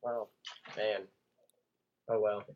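A man's voice: lowish voice, flat delivery, extremely slow. Rambling young man, lo-fi sound. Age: young adult. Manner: rambling, full of "like" fillers. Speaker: podcast co-host. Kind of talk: casual chat.

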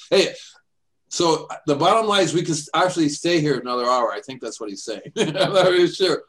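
A man's voice: on the high side, fairly quick, a bit bright, rough recording. An older man hosting a radio show, chatting casually and rambling through stories. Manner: rambling storyteller, acts out voices in his anecdotes. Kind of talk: casual chat.

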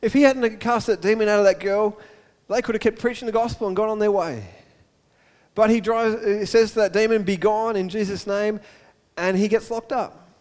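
Male preacher, high voice, animated storytelling, echoey hall. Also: a little fast. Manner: storytelling, animated, repeats words. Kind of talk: sermon.

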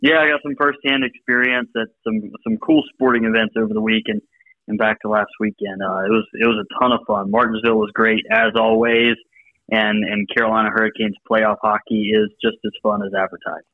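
A man's voice: on the low side, flat delivery, fairly quick, dry recording. A male guest calling into a sports radio show who tells laid-back stories and laughs often. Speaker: guest on the phone line. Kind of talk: casual sports radio chat. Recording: dull lo-fi phone line.

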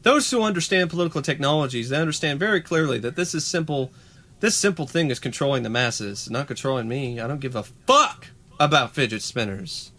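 A man's voice: mid-range voice, fairly quick, bright, forceful tone. A young man co-hosting a podcast, reading news stories aloud and joking sarcastically between them. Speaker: podcast co-host.

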